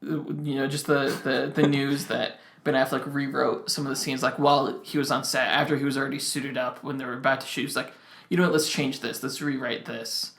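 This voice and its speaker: Young man, gravelly, rambling podcast chat, echoey room. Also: medium pitch, little pitch movement, a little fast, a bit bright. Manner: rambling, many restarts and fillers. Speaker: podcast co-host. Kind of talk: casual chat.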